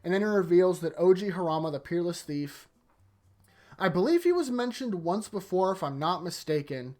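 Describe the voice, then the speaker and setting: A YouTuber giving a casual, rambling manga chapter review late at night, tired, leaning on "like" a lot and often trailing off into a quieter voice. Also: mid-range voice, lively intonation, normal speed. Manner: rambling, heavy use of "like", sentences often trailing off softer. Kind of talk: casual video commentary.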